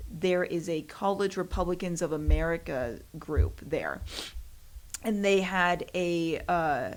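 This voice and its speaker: A young woman hosting her own podcast, chatting casually in a rambling, self-deprecating way with frequent laughs. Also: fairly low pitch. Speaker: podcast host. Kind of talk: casual solo chat.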